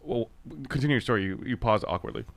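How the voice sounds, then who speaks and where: A man co-hosting a podcast, joking and swearing casually in quick banter. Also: lowish voice, lively intonation, creaky, no room sound. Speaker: podcast co-host.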